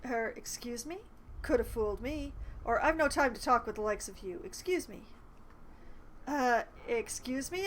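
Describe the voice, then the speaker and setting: A woman's voice: a little high, lively intonation, moderate pace, a little hiss or hum, poor audio. A woman streaming a role-playing game, chatting and reading the dialogue choices aloud. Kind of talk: casual gameplay commentary.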